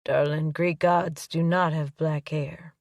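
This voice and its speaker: A woman narrator voicing a tender male ex-soldier rancher, talking in a slow, low drawl. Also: fairly even intonation, a little mellow, dry recording, clean studio sound, distant mic.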